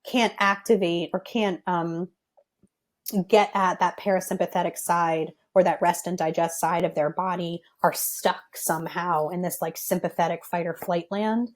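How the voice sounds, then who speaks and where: A woman's voice: lowish voice, steady tone, moderate pace. A young woman explaining a topic on a podcast, walking through it step by step. She keeps things careful and thoughtful and hedges as she goes. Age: young adult. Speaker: podcast guest, physical therapist.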